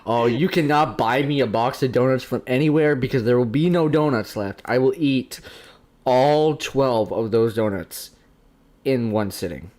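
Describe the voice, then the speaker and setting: A young man hosting his own livestream, speaking candidly and haltingly, with many restarts. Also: mid-range voice, darkish tone. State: tearful, emotional. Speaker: channel host being interviewed. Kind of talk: casual livestream chat.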